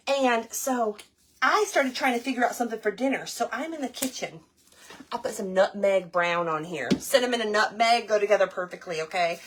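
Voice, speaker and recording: Her voice is mid-range and her pace moderate, with a bit of background noise. This craft livestreamer chats animatedly with her viewers, whom she calls y'all, telling a casual story as she works on her craft.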